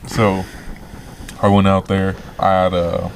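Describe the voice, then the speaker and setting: A laid-back, joking young man co-hosting a casual podcast. His voice is low and gravelly. Clear background noise sits under this home recording. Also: flat delivery, slow pace. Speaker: podcast co-host. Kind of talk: casual chat.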